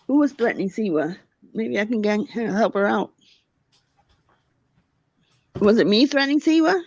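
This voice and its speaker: A woman on a livestream, ranting with a heated, gossipy edge in a fairly high voice. Her sound is dull and lo-fi, dry with no room echo. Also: expressive, a little slow. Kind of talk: casual livestream chat.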